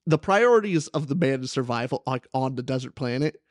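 A man's voice: medium pitch, a little fast, no room sound, studio quality. A young man hosting a podcast, chatting animatedly about a book and acting out voices as he talks. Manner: animated, acts out quoted characters. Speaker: podcast host. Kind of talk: casual book discussion.

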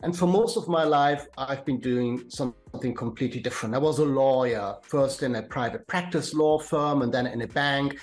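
A middle-aged man with a German accent, a career and life coach being interviewed on a podcast, explaining in a measured way with some hesitant fillers. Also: mid-range voice, faint music behind.

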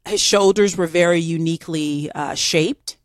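A woman with a Southern US accent, co-hosting a podcast and telling a story in a chatty, animated way with many fillers. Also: on the low side, moderate pace, dry recording, studio quality. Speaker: podcast co-host. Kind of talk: casual storytelling chat.

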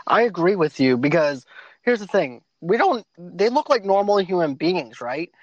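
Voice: medium pitch, sing-song, normal speed, no echo. A co-host talks through a movie in an earnest, agreeable way, drifting through thoughts as they come. The recording is dry, with no room sound, and a little muffled. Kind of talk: casual movie discussion.

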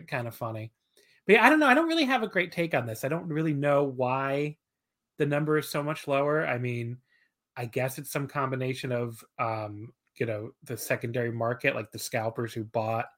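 Man, podcast guest, medium pitch, casual rambling talk, self-deprecating laughs. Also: fairly bright tone.

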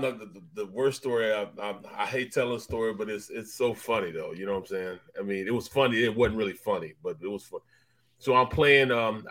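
Animated ex-player telling laughing stories. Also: male voice, on the low side. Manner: animated, laughing, repeats words as he tells stories. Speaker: sports talk co-host, former pro football player. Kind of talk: casual storytelling chat.

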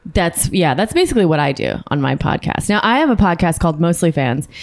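A woman in her thirties with a slightly low voice, speaking in a dry, deadpan way. She plays up mock-boastful sarcasm as a comedy podcast guest, keeping everything understated. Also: brisk.

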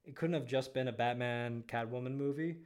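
A man's voice: mid-range voice, brisk, darkish tone, clear, resonant tone. Rambling male podcast co-host. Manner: rambling with many fillers. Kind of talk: casual chat.

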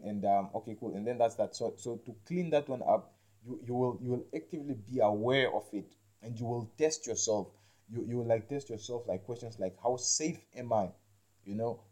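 Halting, repetitive man on spiritual energy. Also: medium pitch, mellow. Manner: halting, repeats words, keeps asking "you understand me?"; slangy, says "man" and "like" a lot. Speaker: podcast host. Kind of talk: rambling spiritual talk.

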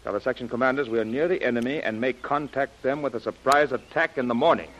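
An actor playing a brisk expedition leader who gives crisp orders, in a 1930s radio drama style. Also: male voice, mid-range voice, very noisy, lightly acted. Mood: commanding. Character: brisk commanding man leading an expedition. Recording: muffled old radio recording.

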